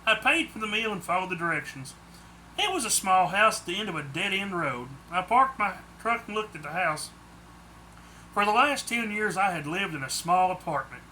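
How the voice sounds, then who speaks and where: A man's voice: sits high, expressive, moderate pace, pushed and bright, slight background noise. A man narrating his own book in the first person, plain audiobook storytelling.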